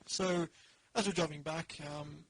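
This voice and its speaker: Husky Australian man telling a story. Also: a little high, fairly even intonation, measured pace, fairly bright tone, no room sound, rough recording. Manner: rambling storyteller, many restarts. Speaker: podcast host. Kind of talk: casual chat.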